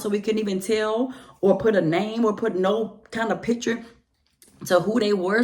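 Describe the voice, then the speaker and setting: Indignant woman with a gravelly voice. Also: medium pitch, a little mellow. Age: 30s. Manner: emphatic, indignant, conversational. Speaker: vlogger. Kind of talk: candid storytime vlog.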